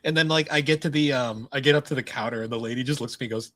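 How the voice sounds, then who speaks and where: Young male co-host, husky voice, laid-back and profane. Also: mid-range voice, fast talker, sharp tone. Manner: laid-back, swearing, laughing through stories. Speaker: podcast co-host. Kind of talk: casual chat, storytelling.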